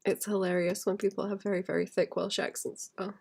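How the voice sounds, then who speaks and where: Woman illustrator, casual drawing-stream chat, mid-pitched, rambling and laughing softly. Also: level tone, a little fast, gravelly, husky. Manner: rambling, thinks aloud, often laughs softly.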